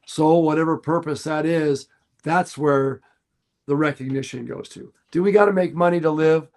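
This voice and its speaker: A man's voice: on the high side, moderate pace, a little mellow. Middle-aged man, podcast conversation, earnest, repeats phrases for emphasis, slightly raised voice. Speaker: fishing guide and podcast host. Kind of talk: casual podcast talk.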